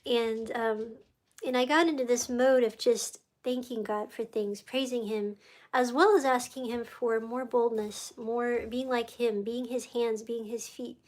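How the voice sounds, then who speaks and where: Woman on a livestream, kinda high voice, rambly and emotional, keeps getting sidetracked. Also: fairly even intonation, a little slow. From United States. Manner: rambling, easily distracted, emotional storytelling. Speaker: livestream host. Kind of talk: casual faith testimony livestream.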